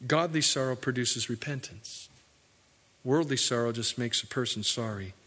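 A man preaching a sermon earnestly, his voice rising for emphasis and dropping low for asides. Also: normal speed, sharp tone. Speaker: pastor. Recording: hall reverb.

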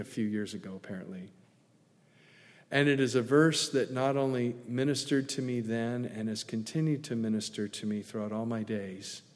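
A man's voice: medium pitch, a little mellow, in a large hall. A middle-aged man preaching a sermon as a pastor, folksy and conversational, with casual asides.

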